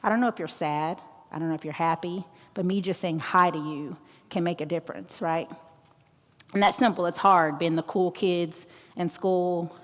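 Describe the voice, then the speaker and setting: Outgoing joking woman in an echoing auditorium. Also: on the low side. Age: 30s. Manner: outgoing, joking, keeps asking "right?". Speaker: guest presenter. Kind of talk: school talk on mental health. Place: large auditorium. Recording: long echo of an auditorium.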